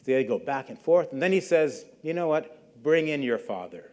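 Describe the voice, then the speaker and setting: This guest lecturer is a middle-aged man whose voice sits on the high side, sounding animated and a little mellow at a moderate pace. In his public talk he tells a story in a conversational way, briefly acting out quoted people.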